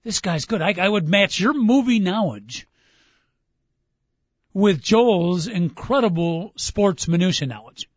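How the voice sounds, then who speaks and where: A man with a high-pitched, animated voice, speaking a little slowly, hosts a casual sports radio show. He upbeatly tests his co-host on movie quotes, reading each aloud and laughing easily. There's no echo, just a dull, dry studio sound.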